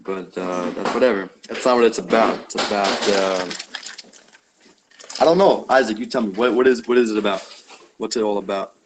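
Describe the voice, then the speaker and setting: This lowish-voiced man speaks at a moderate pace on a group video call, the audio noisy. His sharing is casual and unplanned, full of fillers and false starts.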